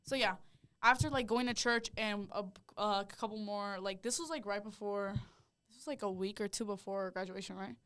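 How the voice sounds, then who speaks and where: A young woman talks through a personal faith story in a loose, chatty way. Her voice sits at an ordinary middle pitch, and she leans on casual fillers as she recounts each step with real feeling. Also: normal speed, fairly bright tone, clean tone. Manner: heartfelt storytelling, full of "like" fillers. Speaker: podcast co-host sharing her testimony. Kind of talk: casual chat.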